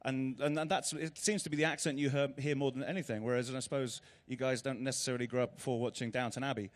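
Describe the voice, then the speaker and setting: English guy chatting fast, lots of ums and restarts, guest on a talk show. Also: mid-range voice, fairly even intonation. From Britain. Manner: rambling anecdotes with many fillers and restarts. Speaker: actor guest. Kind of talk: casual interview chat.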